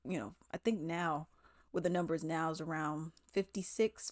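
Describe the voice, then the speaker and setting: A woman vlogger giving her opinions in a casual, animated commentary with slangy, drawling speech. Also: lowish voice, no room sound, studio quality.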